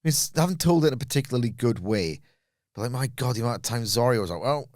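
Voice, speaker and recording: A man's voice: medium pitch, expressive, a little mellow, dry recording, studio quality. A man in his thirties co-hosting a podcast, joking around and laughing often. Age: 30s. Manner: jokey, slow, laughs often. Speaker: podcast co-host. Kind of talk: casual chat.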